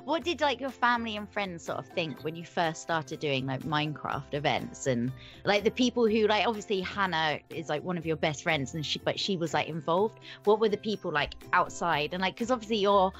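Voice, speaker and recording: A woman's voice: fairly low pitch, lively intonation, brisk, few pauses, soft background music. A woman co-hosting a casual interview, giggly and rambling, full of "like" fillers. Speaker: interviewer, co-host.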